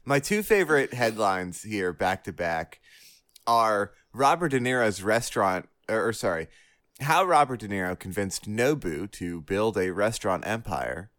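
A man's voice: fairly low pitch, expressive, unhurried, fairly bright tone, no room sound, clean studio sound. A man co-hosting a casual chat, rambling and cutting himself off as he laughs. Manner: rambling, self-interrupting, laughing. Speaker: podcast co-host.

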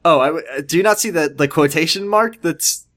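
A man with a bright, sharp voice co-hosting a comedy podcast. He teases his partner with wry, needling remarks. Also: a little high, fairly quick. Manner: wry, teasing. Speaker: podcast co-host.

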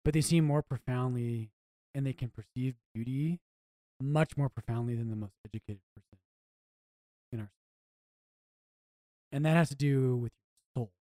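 Earnest man with a mellow voice. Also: mid-range voice, normal speed, pauses often, dry recording. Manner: earnest, searching, restarts phrases. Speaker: priest co-host. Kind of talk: reflective podcast conversation.

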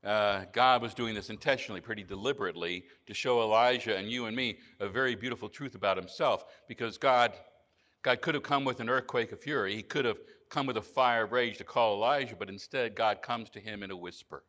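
A male pastor preaching a sermon in an earnest manner, often dropping to a soft, low voice for emphasis. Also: brisk. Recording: church hall reverb.

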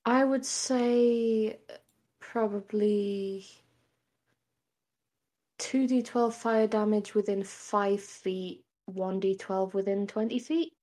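A woman running a tabletop game as game master, relaxed and thinking aloud as she makes rulings. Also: medium pitch, slow pace.

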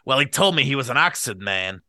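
A man's voice: mid-range voice, sing-song, a little fast, pushed and bright, no echo. A man voicing a cool, bored young society woman in a dry, offhand way. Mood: dismissive.

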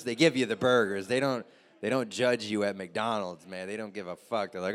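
A man's voice: medium pitch, fairly even intonation, brisk. A young man doing a loose, crude stand-up set and chatting with the crowd. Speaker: stand-up comedian.

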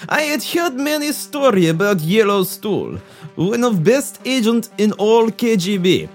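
Guy putting on a solemn kgb agent, fake russian accent, slow and dramatic, pitch swoops around a lot. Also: lively intonation, soft background music. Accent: put-on Russian, dropping articles. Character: solemn male KGB agent narrating his mission.

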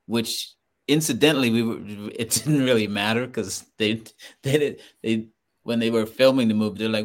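A man's voice: mid-range voice, moderate pace. A man from Trinidad with a Trinidadian accent, a guest telling stories with laughter in casual chat. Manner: laughing, animated storytelling. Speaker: guest actor.

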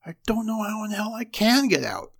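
Bluff middle-aged husband, voiced by a male reader, blunt and gravelly, barking when crossed. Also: mid-range voice, very animated, normal speed, exaggerated voice. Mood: furious. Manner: bluff, exasperated shouting. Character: easygoing husband turning angry, middle-aged.

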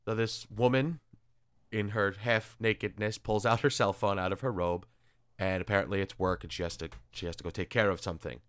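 A man's voice: lowish voice, fairly even intonation, brisk, no echo, clean studio sound. Sarcastic man recapping with crude asides. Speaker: podcast host reviewing comics. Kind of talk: casual chat.

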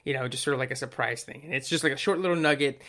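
A man's voice: mid-range voice, very fast, fairly bright tone. A man co-hosting a casual music chat, rambling with fillers and restarts, swearing and acting out quotes. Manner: rambling, profane, acts out quotes.

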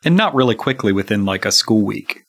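A man's voice: lowish voice, lively intonation, brisk, vocal fry, fairly bright tone. A young man in casual comedic chat, laid back, retelling scenes.

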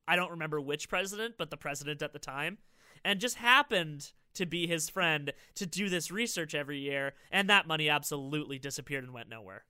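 A man's voice: fairly high pitch, lively intonation, brisk, sharp tone, smooth, dry recording, clean studio sound. A man hosting a podcast, chatting casually and sardonically explaining stories. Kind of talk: casual chat.

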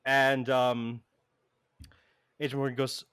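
A man's voice: medium pitch, takes it slowly, bright, forceful tone, clear, resonant tone, no room sound. A man narrating a tabletop role-play game as game master, rambling and full of filler words.

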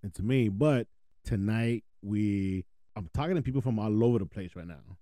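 A man's voice: fairly low pitch, normal speed, dark tone, dry recording, clean studio sound. A man hosting a podcast in casual, slangy chat from the United States, laughing easily. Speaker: podcast host.

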